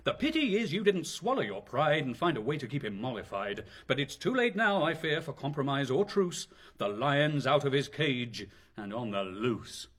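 An actor playing a calm, reasonable kinsman giving measured, wry advice in rhymed stage verse. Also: mid-range voice, a little hiss or hum. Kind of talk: stage play in rhyming verse.

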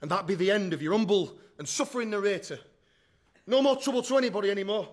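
A man's voice: high voice, fast, natural voice. An actor playing a young male hooligan who narrates, cocky, self-pitying and full of slang, in a radio drama. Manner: sneering slang-laced banter.

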